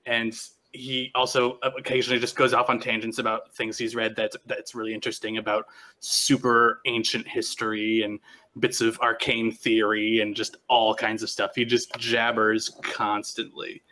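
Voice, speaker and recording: A man narrating as game master of a tabletop game, relaxed and halting. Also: lowish voice. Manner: relaxed, halting, many restarts.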